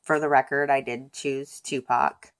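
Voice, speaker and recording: A woman's voice: a bass voice, level tone, unhurried, clear, resonant tone. A young woman telling a storytime vlog in a casual, profane, self-mocking way. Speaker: vlogger.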